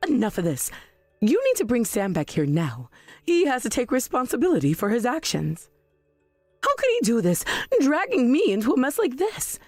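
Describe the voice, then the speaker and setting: A woman plays a proud, self-righteous mother in a text-message story drama, pitched a little high with a lively, swooping delivery. She sounds sharp and defensive, in a dry close recording with faint music behind. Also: normal speed, no room sound, full character voice. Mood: indignant.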